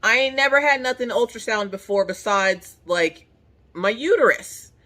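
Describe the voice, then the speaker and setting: Woman, crafting host, casual storyteller; bright, lively, dramatic, salty mouth. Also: on the high side, moderate pace. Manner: animated, dramatic, swears freely.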